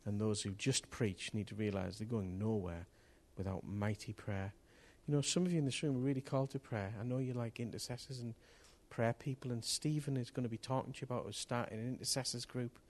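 A man preaching to his church in a fervent sermon. His middle-pitched voice swings between quiet, reflective asides and loud, rising bursts of fervour. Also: steady tone, a little fast, hardly any pauses. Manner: impassioned, rising to loud outbursts. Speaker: pastor. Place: church hall with congregation.

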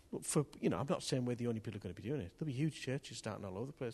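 A man preaching to his church in a fervent sermon. His middle-pitched voice swings between quiet, reflective asides and loud, rising bursts of fervour. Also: animated, racing, creaky, hardly any pauses, slightly rough. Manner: impassioned, rising to loud outbursts. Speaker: pastor. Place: church hall with congregation.

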